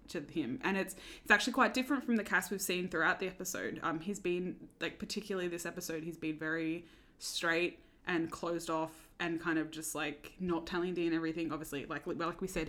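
This is an Australian woman co-hosting a chatty podcast. Her voice sits slightly low, and she wanders through each thought with plenty of fillers. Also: a bit bright. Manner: rambling, fillers like "um" and "like". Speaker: podcast co-host. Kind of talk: casual chat.

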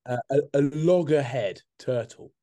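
A man's voice: mid-range voice, measured pace, dark tone. A man co-hosting a casual podcast, joking, laughing often and quizzing his co-host with trivia. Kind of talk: casual chat.

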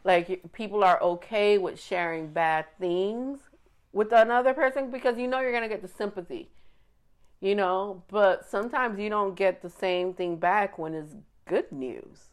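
A woman in casual conversation, expressive and quick to laugh. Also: mid-range voice. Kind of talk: casual chat.

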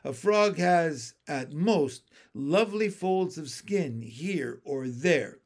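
A man's voice: fairly high pitch, lively intonation, slow, full character voice. A man reading a storybook aloud and voicing a patient, bossy female pond frog who lectures in a teacherly way.

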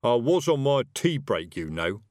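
A man acts out a scruffy young male wizard, nervous and hesitant as he tries to calm things down in a storybook reading. The voice sits a bit higher than the reader's own, and the recording is close and dry. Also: moderate pace, clear, resonant tone, dry recording, close to an everyday voice.

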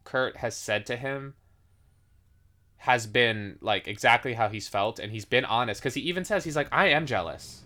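Guy cohosting a podcast, bright voice, rambles, keeps saying like and restarting. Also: mid-range voice, normal speed. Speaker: podcast co-host. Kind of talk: casual chat.

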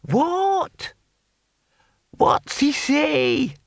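A man voicing a very old, deaf barbarian who bellows and answers cheerfully in a high, cracked voice. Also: expressive, drawn-out words, gravelly, no echo, clean studio sound, full character voice. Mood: cheerful, bellowing.

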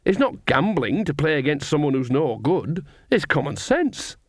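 A man's voice: on the high side, sing-song, moderate pace, dry recording, clean studio sound, voice pushed up. A man voicing a sly, boastful old witch woman. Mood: defensive, boastful.

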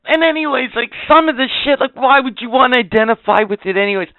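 A man's voice: very high voice, lively intonation, fast talker, no echo. A man co-hosting a casual podcast chat, ranting and swearing as he gets worked up. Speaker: podcast co-host. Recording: tinny phone-like sound, dry.

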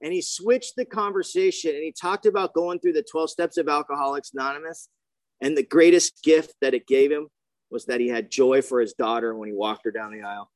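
A man telling his personal recovery story at a meeting, slangy and animated, acting out the voices of the people he quotes. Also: on the high side, a little fast, dry recording. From grew up near the ocean.

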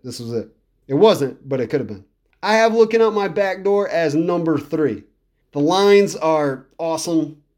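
Man, podcast host, slightly high-pitched, casual music review, enthusiastic, rambling, repetitive. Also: a little mellow. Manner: enthusiastic, rambling, repeats himself for emphasis.

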